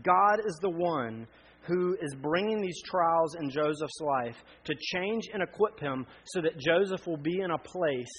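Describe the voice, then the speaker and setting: A man in his thirties preaching a sermon, earnest, with frequent pauses that build to emphatic appeals. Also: a little high, breathy edge, rough recording. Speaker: pastor.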